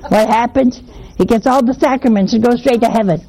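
A woman preaching to an audience in a chatty, teasing way, often pausing to ask her listeners rhetorical questions. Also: a little high, dark tone, a little hiss or hum, rough recording. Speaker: religious teacher. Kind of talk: homespun sermon to an audience.

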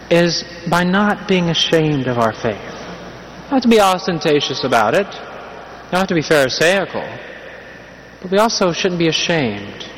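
A man's voice: on the high side, fairly bright tone, a little hiss or hum. A man giving a conversational sermon, telling a humorous story and asking rhetorical questions. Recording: long hall reverb, faint ambience.

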